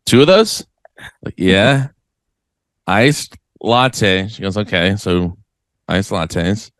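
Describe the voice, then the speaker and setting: A man's voice: on the low side, takes it slowly, dry recording. A man co-hosting a comedy podcast, telling stories in a casual chat and acting out other people's voices. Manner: animated storyteller who acts out other people's voices. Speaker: podcast co-host. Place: lives in New York.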